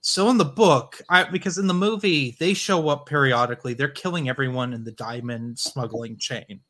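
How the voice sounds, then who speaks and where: A man's voice: medium pitch, normal speed, fairly bright tone. Blunt man reviewing a film. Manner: blunt, dismissive quips. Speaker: podcast co-host. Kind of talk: casual film review chat.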